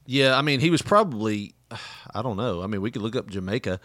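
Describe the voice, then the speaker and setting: A man chats casually, reacting to a video with his co-host. His pitch moves a lot and he laughs often. The recording is dry and close. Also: a little fast, no room sound. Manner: animated, laughs often, chatty.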